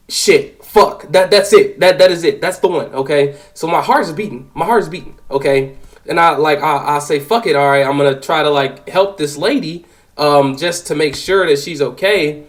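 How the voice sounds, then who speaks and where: A young man in his twenties telling a personal story, animated and profane, with lots of fillers. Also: a little high, normal speed, rough recording. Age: 20s. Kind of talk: casual spoken storytelling.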